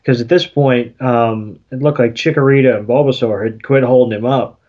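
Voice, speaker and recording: A man's voice: mid-range voice, moderate pace, a little mellow, highs cut off. A man co-hosting a podcast, recapping a cartoon episode plot in a rambling, casual way full of fillers. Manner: rambling storyteller with many fillers and restarts. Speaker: podcast co-host.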